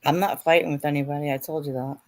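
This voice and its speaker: A woman defends herself on a live stream, clipped and swearing. Her voice is low-pitched with a heavy gravelly fry. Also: fairly even intonation, quick pace, darkish tone. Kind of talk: heated live stream argument.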